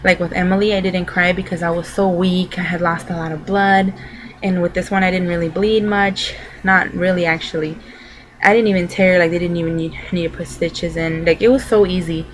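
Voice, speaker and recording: A woman's voice: lowish voice, steady tone, fairly quick, a little hiss or hum, low-quality recording. A young adult woman vlogging, telling a personal story to camera in a loose, rambling way full of filler words.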